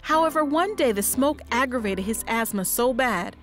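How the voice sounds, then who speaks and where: Female narrator, measured scripted documentary read, a bit high-pitched. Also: expressive, soft background music.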